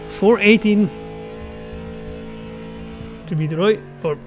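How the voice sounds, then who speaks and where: A man's voice: sits high, very slow, soft background music. A man giving casual live commentary on a sim racing qualifying session, thinking aloud and correcting himself as he goes.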